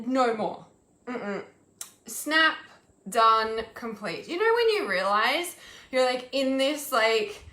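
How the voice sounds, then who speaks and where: A young woman with a high, bright, sharp voice vents her fury on a live stream. She swears and stops and restarts her sentences. The sound is echoey, as in a bare room. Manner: fuming, swearing, halting restarts. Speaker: intuitive healer and mentor, live streaming. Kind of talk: angry live-stream rant.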